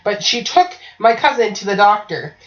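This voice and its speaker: With a medium-pitched, very animated voice at normal speed, a woman podcast host spins a casual story, cursing freely and often checking "right?" The sound is dull and lo-fi, like an online call.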